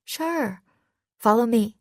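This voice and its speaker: A woman voicing a cheerful young female sailor in an audiobook, pitched a little higher than her narration. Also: normal speed, gravelly, darkish tone, dry recording, studio quality.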